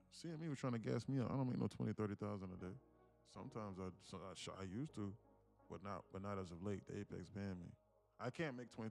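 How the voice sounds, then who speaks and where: A man's voice: low voice, vocal fry, a little mellow. A man live-streaming his day trading, chatting casually and joking while reading viewers' comments. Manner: joking, reads chat aloud, puts on slang voices.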